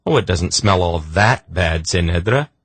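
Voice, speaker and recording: A patient young man holds his ground in a mild, even tone. A man reads him in a low, husky voice. The audiobook recording sounds dry and close. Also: unhurried, no echo, full character voice. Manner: mild and bland. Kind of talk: audiobook character voice.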